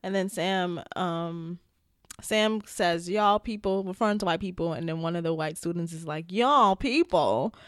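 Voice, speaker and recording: Low-voiced woman co-host, blunt and agreeable. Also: fairly even intonation, moderate pace, clear, resonant tone, no room sound, studio quality. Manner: agreeable, laughs often, blunt opinions. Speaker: podcast co-host. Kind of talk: casual review chat.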